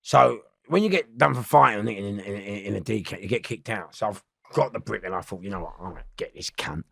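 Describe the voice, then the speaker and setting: Gravelly, husky man. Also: lowish voice, animated, brisk, fairly bright tone, no echo, clean studio sound. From London. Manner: swearing, laughing, keeps restarting his story. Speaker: interview guest. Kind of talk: rambling prison storytelling.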